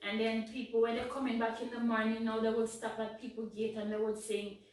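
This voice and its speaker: A Jamaican woman co-hosting, telling childhood stories in a lively, laughing way. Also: on the high side, fairly quick. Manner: animated, laughing. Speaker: co-host. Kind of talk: casual storytelling. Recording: echoey room, mic at a distance.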